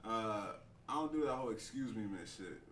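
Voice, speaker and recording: A young man co-hosting a casual podcast chat, laid-back and full of slang. His voice is bright, and it sits a little way off the mic in a roomy space. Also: on the low side, animated, fairly quick, recorded from a distance, a little hiss or hum. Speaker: podcast co-host.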